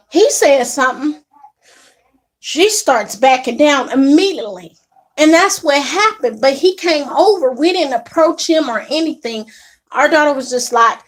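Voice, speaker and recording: A young woman casually telling an indignant story to camera, animated and quick to act out what others said. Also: high-pitched. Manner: animated, indignant retelling with acted quotes. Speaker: vlogger.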